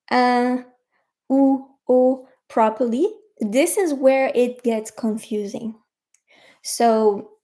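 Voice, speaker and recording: A woman's voice: on the high side, mellow. A woman with a French accent, a native French speaker, teaching and coaching viewers in a casual livestream, chatty and encouraging as she addresses them directly.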